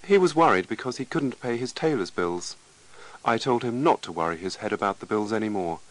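A man's voice: lowish voice, lively intonation, a little fast, a bit bright, voice pushed up, poor audio. A man voicing a confident male doctor who tells a patient an anecdote in a confiding way.

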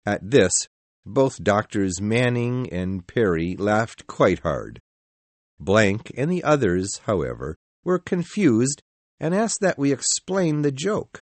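A man narrating a story in the first person in a measured, expressive reading. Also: fairly low pitch, dry recording.

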